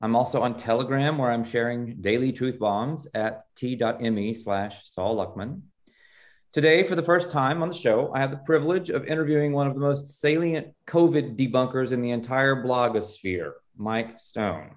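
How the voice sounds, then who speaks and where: A man's voice: medium pitch, normal speed. A man hosting an interview podcast, reading a scripted introduction with strong emphasis and then chatting with his guest. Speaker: podcast host.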